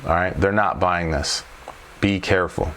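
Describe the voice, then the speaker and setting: A man's voice: low-pitched, moderate pace, a bit bright, slight background noise. A trading coach talking through stock charts off the cuff, thinking aloud and checking in with his viewers after every point. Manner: thinks aloud, repeats tag questions. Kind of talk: unscripted chart walkthrough.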